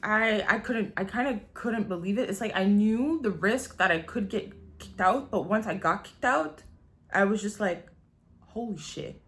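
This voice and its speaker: Medium-pitched and a bit bright, this woman's voice moves at a moderate pace. She's a vlogger in her 20s sharing her own story through candid, rambling, casual confessional storytelling, swearing freely and saying "like" a lot.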